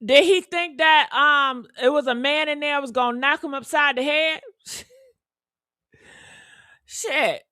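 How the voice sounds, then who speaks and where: A woman hosting a live true crime reaction chat, talking in an emphatic, animated way and swearing freely. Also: high-pitched, slow, pauses often, no room sound, clean studio sound. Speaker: host.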